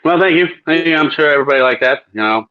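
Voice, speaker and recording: A man's voice: on the high side, racing, narrow, tinny audio. A man hosting a podcast, telling a long crude story casually, swearing and laughing often. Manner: profane, laughing, animated storyteller. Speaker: podcast host.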